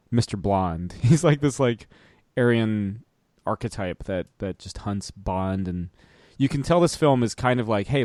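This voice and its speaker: A man's voice: fairly low pitch, a little mellow, dry recording. A man co-hosting a casual podcast, making wry asides in conversation. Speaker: podcast co-host. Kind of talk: casual chat.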